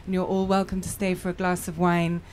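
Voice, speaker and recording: A woman's voice: fairly low pitch, monotone, a little fast, darkish tone, a little hiss or hum. A woman hosting an outdoor bookshop event, thanking her guest in an effusive way. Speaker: event host. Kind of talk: closing remarks.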